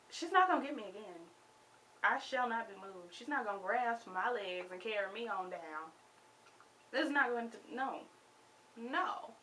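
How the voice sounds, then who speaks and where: A woman vlogger reviewing a TV show in a casual, exasperated rant with sudden loud outbursts. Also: mid-range voice, a little hiss or hum. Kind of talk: casual ranting commentary.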